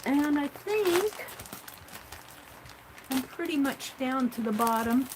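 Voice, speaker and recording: A woman hosting a casual craft livestream from her home craft room, talking herself through each step in a chatty way. Her voice sits a little high and she speaks slowly. Faint noise hums behind her. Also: expressive.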